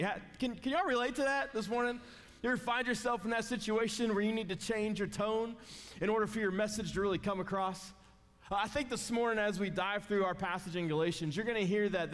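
A man's voice: sits high, fairly bright tone. A man preaching a sermon in a conversational, joking and emphatic way. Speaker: guest preacher. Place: church sanctuary. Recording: long reverb of a large church.

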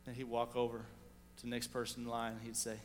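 A man preaching a sermon, telling a story with animated swings between loud and hushed delivery. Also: mid-range voice, quick pace, long reverb tail, slight background noise. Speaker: pastor.

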